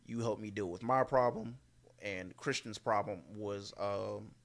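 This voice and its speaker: A man's voice: lowish voice, steady tone, a little slow, gravelly. Casual man picking wrestling winners. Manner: hesitant, lots of fillers, joking asides. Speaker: podcast co-host. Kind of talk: casual wrestling predictions chat.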